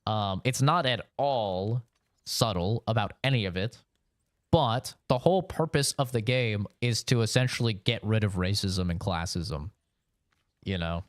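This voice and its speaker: With a lowish, unhurried voice and no echo, a man streams a game live and rambles to his chat, cursing freely and peppering his replies with "you know."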